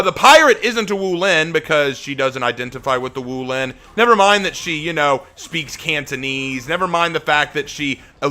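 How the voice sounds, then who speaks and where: Exasperated streamer ranting, bright tense voice. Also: male voice, fairly high pitch. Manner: exasperated, sarcastic, repeats points with rising heat. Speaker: game streamer. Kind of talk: live-stream rant.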